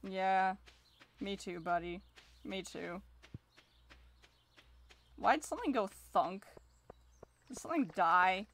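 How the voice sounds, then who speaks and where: A woman's voice: medium pitch, expressive, takes it slowly, long pauses, fairly bright tone. A woman streaming a video game, chatty and self-deprecating, swearing and answering chat. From Canada. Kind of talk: casual live-stream chat.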